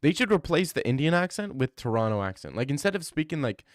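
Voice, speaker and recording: A man's voice: fairly high pitch, sing-song, fast, no room sound, studio quality. Joking man riffing with a chat. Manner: rambling, joking banter with chat. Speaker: streamer. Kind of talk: casual livestream chat.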